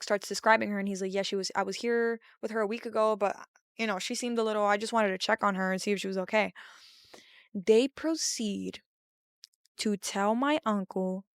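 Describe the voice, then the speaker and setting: A young woman tells a creepy story in a relaxed, chatty way, with a smooth, clear voice recorded close and dry. She acts out each person's lines and swears casually as she goes. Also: mid-range voice, no room sound. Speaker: podcast host.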